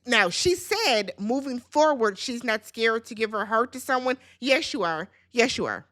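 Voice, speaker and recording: A woman in her thirties recaps a reality show in casual, sassy commentary. Her voice sits high and swoops widely as she acts out what people said. She talks straight to her audience, with lots of asides. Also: normal speed. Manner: animated, sassy, quotes people in exaggerated voices.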